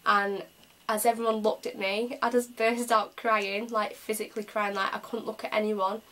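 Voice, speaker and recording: Young female vlogger from England, chatty and excitable, narrow melody. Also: medium pitch, moderate pace. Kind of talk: casual storytelling vlog.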